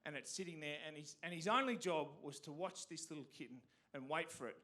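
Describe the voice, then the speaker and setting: An Australian man doing stand-up on a theatre stage, telling stories animatedly and punching up the big lines loudly. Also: fairly high pitch, quick pace. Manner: animated storytelling with sudden loud punchlines. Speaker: stand-up comedian. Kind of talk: stand-up comedy set.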